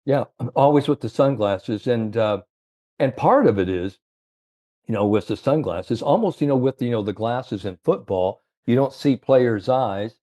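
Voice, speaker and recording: A man's voice: medium pitch, a little slow, mellow. A man telling a long golf story as a guest expert on a podcast, filling his talk with constant "you know"s. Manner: rambling, heavy use of "you know".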